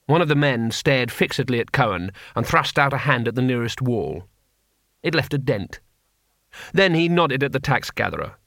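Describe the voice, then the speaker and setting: A man narrating an audiobook with expressive storytelling. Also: medium pitch, moderate pace, creaky, dry recording, clean studio sound. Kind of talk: scripted narration.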